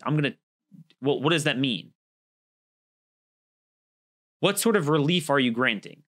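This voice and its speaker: A man's voice: on the high side, big pitch swings, takes it slowly, long pauses, a bit bright. A man giving an argumentative opinion monologue as a political commentator, emphatic and acting out quoted exchanges.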